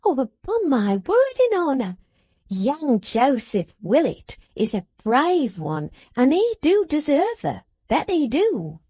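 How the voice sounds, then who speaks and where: A woman's voice: sits high, huge pitch swings, slow, warm tone, no room sound, pitched above the performer's own voice, heavily acted. A woman voicing a spiteful, gossiping young maidservant who gushes with mock astonishment. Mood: gossipy, affected. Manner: sniffing, gushing, mock-astonished.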